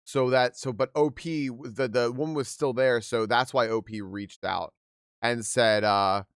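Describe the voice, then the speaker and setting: A man's voice: medium pitch, fairly even intonation, measured pace, clean tone, no echo. Chatty young man with a dry sound. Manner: chatty, laughs often, stammering restarts. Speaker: livestream host. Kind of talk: casual livestream chat, reading aloud and reacting.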